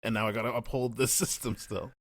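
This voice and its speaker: A man's voice: mid-range voice, no echo. A young man co-hosting a podcast, talking casually and animatedly, often acting out what characters said. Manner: animated, acts out characters' lines in quick paraphrase. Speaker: podcast co-host. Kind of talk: casual chat.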